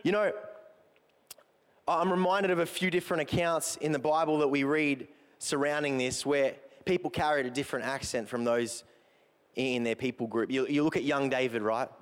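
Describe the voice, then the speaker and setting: A man's voice: mid-range voice, steady tone, moderate pace, clean tone. A man preaching a sermon as a pastor, impassioned and stumbling over repeated words as he builds his points. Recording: long hall reverb.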